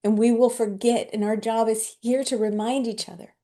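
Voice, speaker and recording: A woman's voice: on the high side, steady tone, normal speed, dark tone. A woman host telling a heartfelt personal story in an emotional, tearful way, often laughing as she talks.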